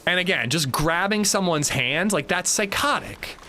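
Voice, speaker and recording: A young man live-streams a game, telling his chat a story in an animated, casual way and laughing along as he reads messages aloud. His voice sits high, he speaks at a normal speed, and there's a little hiss or hum.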